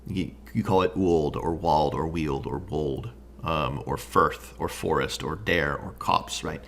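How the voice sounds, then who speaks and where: Low gravelly guy chatting about rpg books, excited, keeps saying right?. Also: measured pace, a little hiss or hum. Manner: enthusiastic, thinks aloud with many "right?"s. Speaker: game master reviewing tabletop books. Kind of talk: casual review talk.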